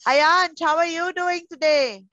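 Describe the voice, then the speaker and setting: Speaking unhurriedly with an Indian English accent, a pre-school teacher runs an online class for small children. Her voice is high and bright, close and dry, heard over a muffled video call as she affectionately coaxes each child and calls them darling.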